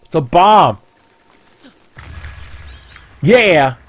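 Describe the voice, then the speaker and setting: A man's voice: a little high, lively intonation, drawn-out words, a bit bright, no room sound. A young man casually commentating a video game playthrough, joking, swearing and putting on silly voices. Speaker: let's play commentator.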